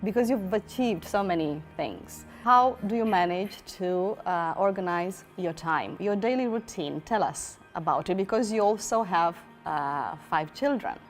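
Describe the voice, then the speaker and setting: A woman's voice: lowish voice, lively intonation, measured pace, hardly any pauses, soft background music. Woman interviewer asking polite follow-ups. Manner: brief prompts, polite follow-up questions. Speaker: interviewer, host. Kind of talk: interview questions.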